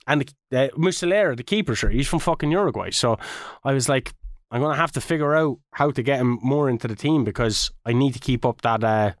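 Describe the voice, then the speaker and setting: A man's voice: mid-range voice, brisk, dry recording, clean studio sound. A man co-hosting a podcast, telling a gaming story with lots of swearing and acted-out quotes. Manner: animated, swears a lot, acts out quotes. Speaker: podcast co-host. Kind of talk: casual gaming chat.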